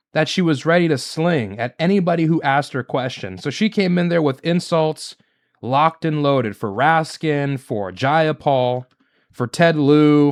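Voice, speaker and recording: A political commentary host delivers a solo rant, indignant and emphatic, his pitch lively as he fires off repetitive rhetorical questions.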